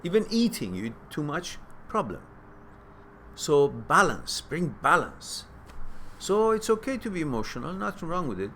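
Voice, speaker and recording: A man hosting a question-and-answer stream, giving casual spoken advice that turns animated as he stresses points and repeats words. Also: on the high side, moderate pace, slight background noise. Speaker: host answering viewer questions.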